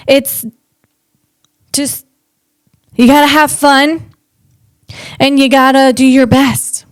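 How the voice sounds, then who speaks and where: A woman's voice: high voice, dry recording. A woman from the Northeast US hosting a casual comedic podcast, chatty and rambling, often restarting her sentences.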